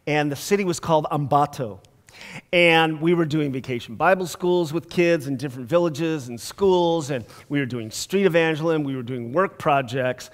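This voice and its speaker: A male pastor giving a conversational storytelling sermon, laughing often and dropping soft for emphasis. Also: a little high, moderate pace. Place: church sanctuary. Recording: long church hall reverb.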